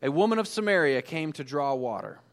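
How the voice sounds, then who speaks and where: Male pastor, conversational sermon delivery, slightly high voice, big reverberant hall. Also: fairly quick. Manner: conversational, animated storytelling.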